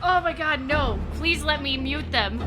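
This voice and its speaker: A young adult woman streaming a game live, chatting casually, swearing freely and yelping when startled. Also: high voice. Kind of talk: casual chat while gaming live.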